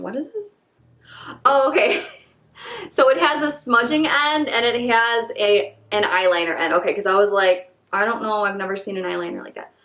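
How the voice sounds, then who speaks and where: A woman beauty vlogger doing an excited unboxing chat, gushing and gasping as she repeats her delight. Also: medium pitch, roomy sound.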